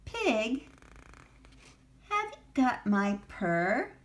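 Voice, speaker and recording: Granny voicing a sad little kitten. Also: female voice, very animated, drawn-out words, exaggerated voice. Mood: pleading. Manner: high pleading questions. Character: small sad young female kitten, earnest and determined.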